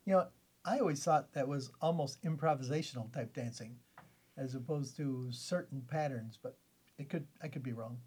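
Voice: medium pitch, moderate pace, darkish tone, husky. A radio host running a casual, folksy chat with guests.

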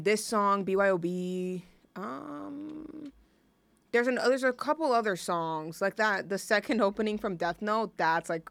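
A young woman hosts a music show in a loose, chatty way, piling up fillers and gushing over what she loves. Her voice sits at an ordinary middle pitch. The sound is dry, with no room echo. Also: a bit bright. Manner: rambling, filler-heavy, gushing. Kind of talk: casual chat.

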